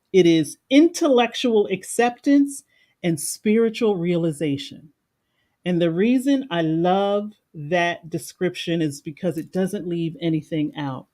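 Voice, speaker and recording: Her voice is fairly low and somewhat dark as this life coach speaks into a livestream mic during a meditation session. The delivery is heartfelt, thoughtful, and full of emotion.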